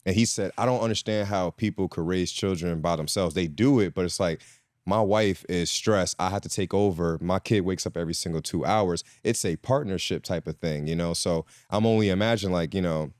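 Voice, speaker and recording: A man from the Caribbean speaks as a podcast guest in a very deep, low voice. He is laid-back and reflective, wandering off on tangents as he talks. The recording is dry and close-miked. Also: brisk, a little mellow, no room sound. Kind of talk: casual interview chat.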